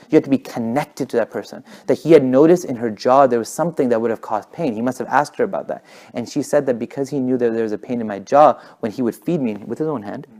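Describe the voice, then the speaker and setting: A young man talking quickly at a casual talk, his voice at an ordinary pitch for a man. He tells his story in an animated way, full of "like" and restarts. He never slows down for long. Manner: fast, animated storyteller with many fillers and restarts. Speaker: speaker at a community talk.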